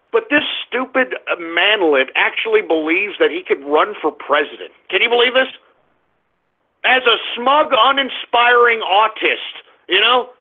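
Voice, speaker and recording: A man hosting a talk radio show, ranting in a sarcastic, profane way. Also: high voice. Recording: tinny phone-line sound.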